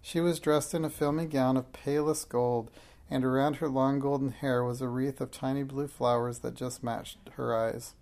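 A man narrating a children's storybook aloud in a measured, expressive way. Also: mid-range voice.

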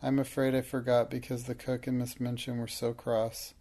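A man's voice: medium pitch, completely flat delivery, normal speed, warm tone, close to an everyday voice. A man reading the part of an earnest, thoughtful and proud young schoolgirl in a storybook, speaking in careful, earnest words.

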